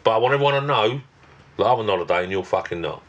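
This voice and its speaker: Rambling sweary British man, lowish voice. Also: lively intonation, racing, a bit bright, muffled recording. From Britain. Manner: rambling storyteller, swears often. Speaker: podcast co-host. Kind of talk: casual chat.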